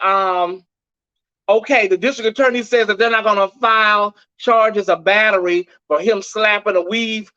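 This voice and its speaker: A man's voice: high-pitched, sharp tone, dry recording, highs cut off. A man hosting a live headline show, delivering the news in a sassy, gossipy way and greeting viewers by name.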